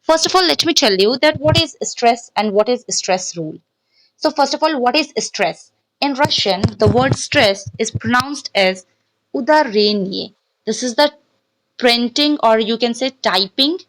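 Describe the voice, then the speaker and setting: Higher-voiced woman, online language tutor, patient and repetitive delivery. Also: lively intonation, measured pace, fairly bright tone, low-quality recording. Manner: repeats and restarts, frequent "okay" checks. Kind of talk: explaining to camera, mixing English and Hindi.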